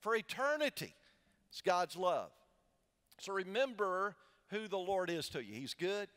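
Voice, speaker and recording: High-voiced male pastor preaching in a reverberant sanctuary. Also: sing-song, a little slow, a bit bright. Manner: call-and-response preaching, asks the congregation to answer. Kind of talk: sermon. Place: large church sanctuary with balcony. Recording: long church hall reverb.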